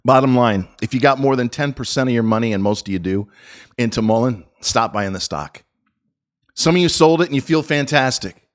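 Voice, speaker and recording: A middle-aged man delivering a profane, combative stock market rant, swinging between loud jabs and low muttered asides. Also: fairly quick. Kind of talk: ranting market commentary video.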